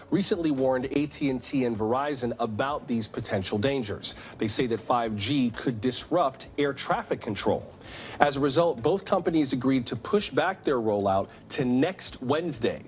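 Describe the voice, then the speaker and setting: Measured male news anchor. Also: medium pitch. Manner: clear, measured newsreader delivery. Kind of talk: scripted news reading and interviewing.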